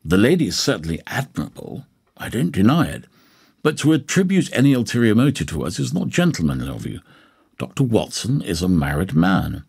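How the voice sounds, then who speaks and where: A man voicing an older retired detective, jovial and gentlemanly, in an audiobook. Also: lowish voice, big pitch swings, fairly quick, vocal fry, breathy edge, pitched above the performer's own voice, exaggerated voice. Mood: indignant.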